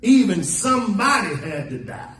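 A high-pitched preacher delivering a folksy sermon, acting out quoted lines with flair. The sound is echoey and picked up from a distance in a church sanctuary, with faint room noise underneath. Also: male voice, very animated, normal speed, fairly bright tone. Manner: folksy preaching with dramatic voiced quotes and humor. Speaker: pastor.

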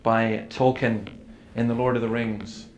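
A man's voice: medium pitch, flat delivery, a little slow. A man giving an earnest seminar talk, telling stories with quoted dialogue. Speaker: preacher. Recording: echoey hall with faint room noise.

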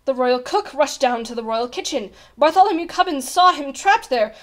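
A woman reads a children's picture book aloud in a high voice. Her pitch climbs and swoops freely from phrase to phrase, giving the story an expressive, playful storytime feel. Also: normal speed, few pauses. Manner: expressive, animated storybook reading.

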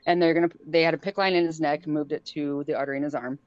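Animated woman telling a story, lo-fi. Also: deep voice, racing, no echo. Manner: animated, laughs often, acts out quotes. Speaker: guest. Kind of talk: casual podcast storytelling. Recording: dull lo-fi sound.

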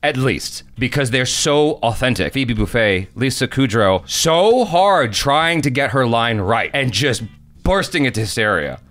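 A man co-hosting a movie reaction video, talking in a casual, animated way and swearing now and then. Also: medium pitch, a little slow. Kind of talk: casual chat.

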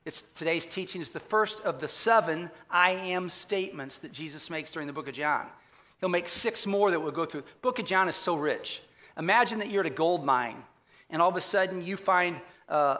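A man's voice: a little high, fairly quick, sharp tone. A man pastor giving a conversational sermon, often asking the congregation questions. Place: church auditorium.

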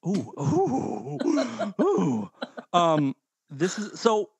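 A man's voice: high-pitched, wildly swooping pitch, extremely slow, breathy edge, dry recording. A man co-hosting a podcast over a remote call, joking and rambling with lots of swearing. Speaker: podcast co-host. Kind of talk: casual chat.

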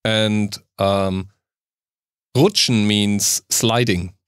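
A man's voice: fairly low pitch, steady tone, extremely slow, clean tone, dry recording, clean studio sound. A man from Germany, a native German speaker, co-hosting a podcast. He explains things carefully in a casual chat, with many hesitant fillers. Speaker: podcast co-host.

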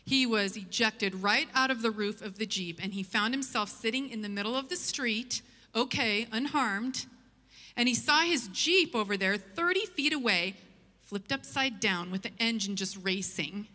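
Bright-voiced woman preaching in a hall. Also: on the high side, moderate pace. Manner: lively, humorous anecdote telling. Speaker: church speaker. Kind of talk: sermon storytelling. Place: church auditorium.

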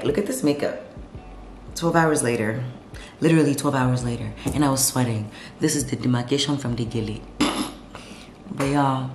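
A woman's voice: very deep voice, a little mellow, a little hiss or hum. A woman vlogging at home in a chatty, sassy way, full of slang, talking to her camera. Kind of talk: casual late-night vlog chat. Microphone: camera set up nearby. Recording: echoey room with music behind.

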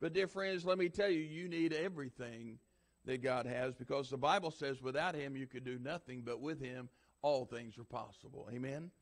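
A man's voice: medium pitch, normal speed. A man preaching a sermon as pastor, emphatic and repetitive, building force through repeated lines.

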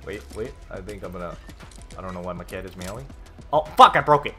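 A man casually commenting on a game as he plays, reading notes aloud, swearing and reacting loudly. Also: sits low, expressive, fast, faint music behind. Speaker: gameplay streamer. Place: home room with a cat.

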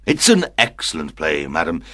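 A woman's voice: wildly swooping pitch, moderate pace, a bit bright, no echo, clean studio sound, heavily acted. A woman voicing a sleepy, doting old drunkard lord who mumbles his words. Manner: mumbling sleepily, dropping very low.

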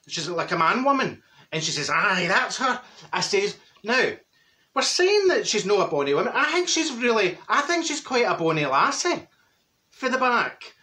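A man puts on an exaggerated, high-pitched voice, bright and forceful, to play a cheeky, talkative older Glaswegian woman. In this comic monologue she spins gossipy stories in a Glaswegian accent and cackles at her own jokes.

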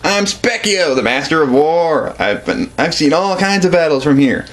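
A man's voice: on the high side, animated, normal speed, lightly acted. A man voicing a cocky little male master of magic and war, lecturing in a smug tone.

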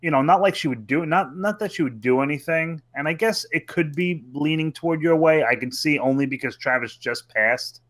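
A man's voice: fairly high pitch, brisk, hardly any pauses, fairly bright tone. A man co-hosting a casual podcast chat, talking hesitantly with fillers and trailing phrases. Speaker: podcast co-host.

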